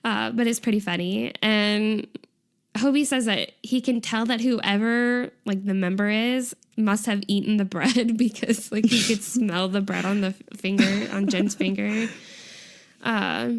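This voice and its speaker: A woman's voice: mid-range voice, fairly even intonation, unhurried, gravelly. Chatty young woman recapping with giggles. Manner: chatty, giggly, lots of "like" fillers. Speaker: podcast co-host. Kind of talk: casual chat recapping a variety show.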